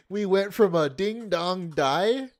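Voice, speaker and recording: A man's voice: sits high, lively intonation, slow, no room sound, studio quality. A man streaming, reacting to a clip with casual commentary and laughing, mocking asides.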